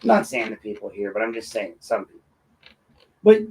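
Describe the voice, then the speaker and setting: A man's voice: fairly low pitch, sing-song, a little fast, long pauses, dark tone, rough recording. A man hosting his own show, ranting in a combative and mocking commentary. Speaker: host and local activist.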